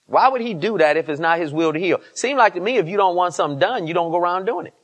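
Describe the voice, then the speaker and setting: A man's voice: high-pitched, animated, quick pace, hardly any pauses. A man pastor preaching a sermon in church, asking the congregation questions and rising to emphatic peaks. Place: church service.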